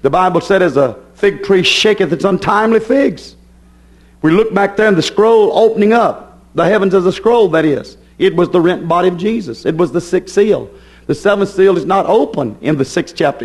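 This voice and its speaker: High-voiced fervent male preacher. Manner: fervent preaching with rising, emphatic repetitions. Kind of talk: sermon.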